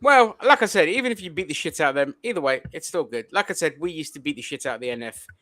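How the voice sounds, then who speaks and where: A man with a slightly raised pitch talks bluntly in a casual political discussion and swears freely. His voice sits close and dry on the mic, with no room sound. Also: animated, fast talker, bright, forceful tone, no room sound.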